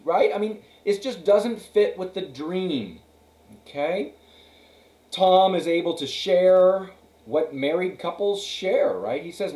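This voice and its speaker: Guy teacher going over a novel w his class, says okay and right a lot, slow, roomy echo. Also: fairly high pitch, animated, darkish tone. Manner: conversational, checks in with frequent "okay" and "right". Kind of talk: classroom read-aloud with commentary. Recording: echoey room.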